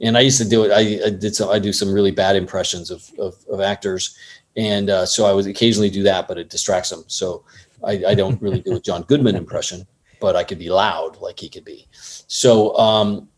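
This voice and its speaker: A man who works as an assistant director, telling a lively story in an interview and acting out other people's lines along the way. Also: deep voice, brisk. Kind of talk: casual anecdote in an interview.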